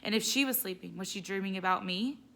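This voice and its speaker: A woman teacher gently reading a children's novel aloud. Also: medium pitch, fast, creaky. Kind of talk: read-aloud storytelling.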